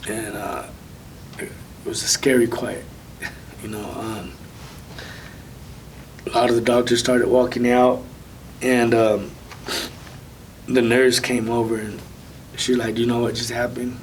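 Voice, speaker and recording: Soft-spoken man telling his story. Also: mid-range voice, little pitch movement, recorded from a distance, slight background noise, poor audio. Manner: soft-spoken, halting, many ums. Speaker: interview guest. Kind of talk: personal testimony.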